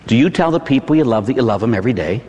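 A man's voice: medium pitch, expressive, rapid-fire, darkish tone, dull audio. A man, a Catholic priest from Pittsburgh with a Pittsburgh accent, preaching a sermon in a chatty way with frequent tag questions. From Pittsburgh, United States. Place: church. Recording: long hall reverb.

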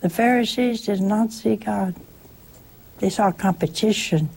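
A woman's voice: medium pitch, unhurried, vocal fry, darkish tone, husky. A woman giving a conversational sermon in a folksy way, often turning to the listeners with rhetorical questions. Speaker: preacher.

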